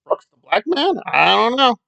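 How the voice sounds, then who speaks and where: A man's voice: extremely high pitch, big pitch swings, normal speed, gravelly, pushed and bright, no room sound, muffled recording. A man hosting a casual solo commentary, talking in a sarcastic, dismissive way. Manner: sarcastic, dismissive, with mocking quoted voices. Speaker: commentary channel host.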